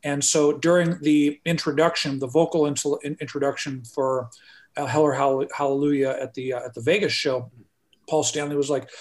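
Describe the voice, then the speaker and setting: Man, casual podcast co-host, hesitant with fillers, voice a bit high. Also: steady tone, normal speed. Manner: hesitant, many fillers and restarts. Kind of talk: casual chat.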